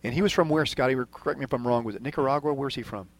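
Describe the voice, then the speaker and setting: A man's voice: mid-range voice, racing, no echo. A man hosting a radio sports talk show who retells stories for the listeners, with fillers along the way.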